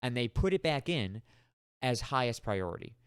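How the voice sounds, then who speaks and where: A man in his twenties co-hosting a podcast, telling a story in an animated, exasperated casual chat. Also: mid-range voice, normal speed, smooth, no echo, clean studio sound. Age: 20s. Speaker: podcast co-host.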